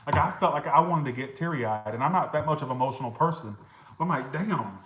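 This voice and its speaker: A man's voice: fairly high pitch, expressive, fast talker, fairly bright tone, reverberant, rough recording. A man giving a casual tarot reading, chatting to viewers, reacting to comments, swearing and laughing now and then. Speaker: tarot reader.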